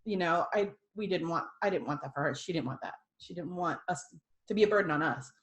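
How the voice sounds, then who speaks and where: A middle-aged woman from the United States, a podcast guest telling a personal story in an earnest way, hushed at times and laughing and excited at others. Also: on the low side, quick pace. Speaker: podcast guest sharing a testimony.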